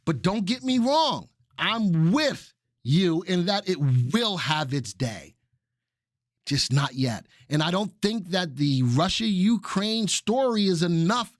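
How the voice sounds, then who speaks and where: Animated man hosting a live stock webinar. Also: sits high, slow, dry recording, clean studio sound. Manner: animated, repeats phrases for emphasis, addresses chat viewers. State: excited and sweating. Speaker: stock market webinar host.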